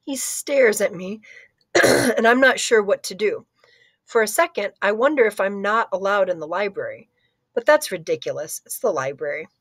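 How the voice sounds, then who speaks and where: A woman's voice: medium pitch, expressive, normal speed, a bit bright, no echo. Female audiobook narrator, conversational, dry close read. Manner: conversational, with slips and asides. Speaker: audiobook reader. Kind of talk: first-person book narration.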